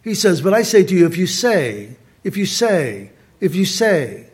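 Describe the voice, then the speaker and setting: A middle-aged man preaches in a slightly high voice, earnest and conversational. He slows down to stress his points and talks to his listeners directly as their pastor. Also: big pitch swings, darkish tone, slightly rough. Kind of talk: sermon.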